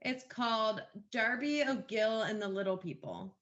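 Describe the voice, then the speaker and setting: A woman with a bright, forceful voice and a slightly high pitch chats about films on a podcast, recapping plots with little chuckles. The audio is dull and lo-fi. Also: animated, moderate pace. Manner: reads plot summaries, chuckles mid-sentence. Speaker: podcast co-host. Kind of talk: casual movie chat.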